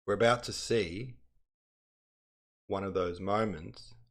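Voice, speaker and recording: A man's voice: fairly low pitch, slow pace, gravelly, a bit bright. A man hosting a livestream, chatting in a rambling way and reading passages aloud. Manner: rambling, chatty, self-interrupting. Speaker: livestream host.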